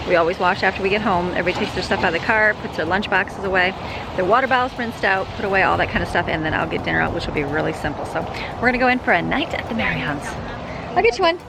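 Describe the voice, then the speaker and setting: A woman's voice: fairly low pitch, racing, gravelly, noisy background. A woman in her thirties, a homeschooling mother, chatting through her day in a casual vlog while she goes about her chores at home. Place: car, home and kitchen. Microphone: handheld camera.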